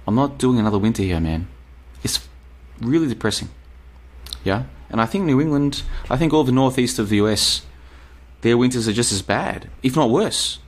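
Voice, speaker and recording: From an apartment in Bulgaria, a man with an Australian accent hosts a casual live stream, reading chat messages aloud and answering them. His medium-pitched voice is animated at a normal speed, and his replies ramble, repeat themselves, and land with emphasis.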